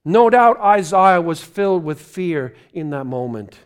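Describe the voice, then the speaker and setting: A man with a high, smooth and resonant voice preaches a live sermon in a church. He rises to loud, ringing proclamation, then drops to a hushed, pleading near-whisper. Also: sing-song, a little slow. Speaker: guest preacher. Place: church sanctuary.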